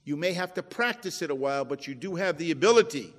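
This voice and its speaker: A high-voiced man delivers a sermon, talking to his listeners conversationally and pressing them with rhetorical questions. He reads out scripture verses between his points. His voice trails off into a long reverb, as in a large hall. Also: expressive, quick pace. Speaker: preacher.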